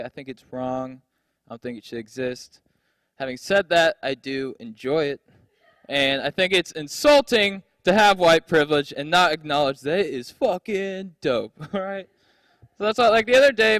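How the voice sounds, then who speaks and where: A man's voice: mid-range voice, fairly bright tone, no echo, clean studio sound. A young man doing a stand-up comedy set on a handheld stage mic, brash, profane and self-mocking.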